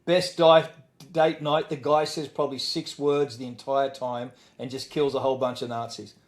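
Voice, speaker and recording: A man's voice: medium pitch, level tone, moderate pace. A man with an Australian accent, talking as a podcast guest in a blunt, easygoing way and swearing casually. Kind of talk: casual chat.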